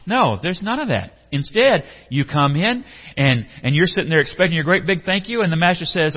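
A man's voice: a little high, very animated, moderate pace. A man preaching a sermon in a conversational way, putting questions to his listeners and acting out short quotes. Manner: conversational, asks the congregation questions, acts out quotes. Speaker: pastor. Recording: echoey hall, slightly dull sound.

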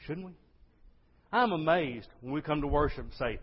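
A pastor delivers a sermon in a church sanctuary at normal speed, pausing often. His husky, mid-pitched voice is exuberant, surging loud with excitement and then sinking to a hush, all captured on a dull, lo-fi recording.

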